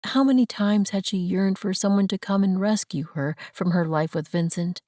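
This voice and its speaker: A woman narrating a romance audiobook in a measured, gentle storytelling manner, close to the mic. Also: mid-range voice, dry recording. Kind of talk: scripted narration.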